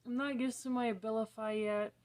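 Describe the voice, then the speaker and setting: A young woman talking casually to camera, slow and soft-spoken, her sentences often trailing off quietly. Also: fairly high pitch, fairly even intonation. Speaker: vlogger. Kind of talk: casual talk to camera about her own condition.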